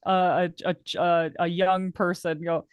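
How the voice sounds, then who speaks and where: A woman's voice: on the low side, little pitch movement, a little slow, clear, resonant tone, no room sound. A woman playing a tabletop role-playing game, narrating her moves in a rambling way and laughing often. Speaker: player.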